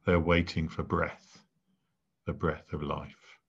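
A man preaching a sermon as vicar, measured and deliberate, pausing between phrases. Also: a bass voice, little pitch movement, a bit bright, husky. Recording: dull lo-fi recording.

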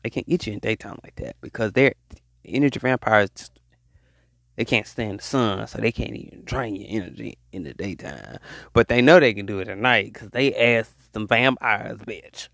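A man hosting a podcast, ranting in an animated, preachy monologue, repeating his points. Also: lowish voice, normal speed, vocal fry, no echo, studio quality. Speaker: podcast host.

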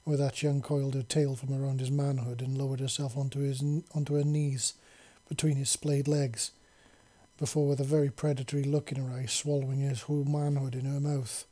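Mellow, husky male storyteller. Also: medium pitch, level tone, fairly quick. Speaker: narrator. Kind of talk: reading a story aloud.

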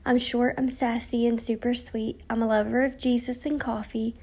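A young woman's voice, a little high, mellow, and slightly rough, comes at normal speed with a level tone. She's a podcast host giving a casual intro monologue late at night, tired and yawning, chatty with lots of ums as she reads from notes.

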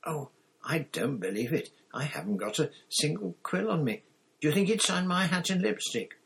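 A man's voice: on the high side, lively intonation, moderate pace, vocal fry, fairly bright tone, slight background noise, voice pushed up. A man voicing a flustered, starstruck teenage girl who gushes frantically in a storybook reading. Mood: frantic. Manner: frantic, gushing.

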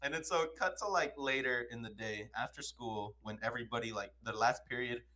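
A man's voice: mid-range voice, a little fast, sharp tone. A young man co-hosting a podcast, telling a story casually with slang and frequent laughter. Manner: laughs often while telling stories, loose slangy talk. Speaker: podcast co-host.

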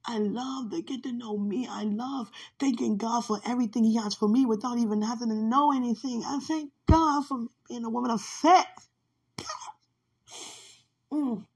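A woman's voice: a little high, fairly even intonation, normal speed, slightly rough. A woman hosting a podcast, talking about her faith in a fervent, emotional way and laughing often. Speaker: podcast host. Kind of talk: devotional personal talk.

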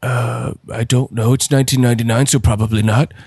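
A man's voice: mid-range voice, little pitch movement, brisk, darkish tone, breathy edge, dry recording. A man voicing a creepy, smug male priest who talks in a fawning, sanctimonious way, in an improvised comedy sketch.

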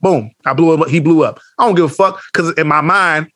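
A man co-hosting a podcast in casual chat, telling animated stories full of slang and swearing, acting out what others said. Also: on the high side, fairly quick, no echo, studio quality. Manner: animated storytelling, acts out quotes, heavy slang and swearing. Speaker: podcast co-host.

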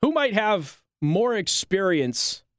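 Animated, high-voiced sarcastic radio host. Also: male voice, slow pace, no room sound, studio quality. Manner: sarcastic, animated, laughs at his own jokes. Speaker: radio talk show host. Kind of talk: opinionated talk radio monologue. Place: radio studio.

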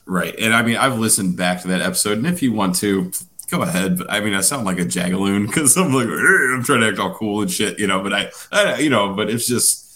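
A man's voice: fairly low pitch, fairly quick, sharp tone. A man co-hosting a podcast, telling a rambling story full of fillers and swearing in casual chat. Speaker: podcast co-host.

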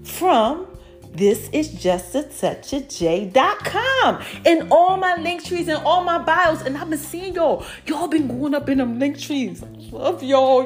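An effusive woman talks straight to her followers in a casual promotional update, a touch higher than most. She gushes, calls them y'all and baby, and keeps the energy up. Faint music plays under her voice. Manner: animated, effusive, addresses listeners as y'all and baby. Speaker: podcast host and brand owner.

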